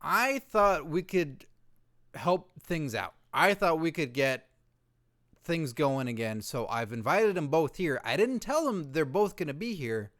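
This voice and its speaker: A man co-hosting a comedy podcast, playful and quick to tease. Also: a little high, very animated, fairly bright tone. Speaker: podcast co-host. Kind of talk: casual comedy podcast chat.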